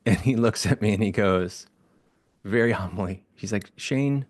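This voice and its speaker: Male co-host, deeper voice, casual chat, acts out the people in his stories; dry close mic. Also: moderate pace, dry recording. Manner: animated storyteller, acts out quoted voices. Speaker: ministry leader and podcast co-host. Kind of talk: casual conversation.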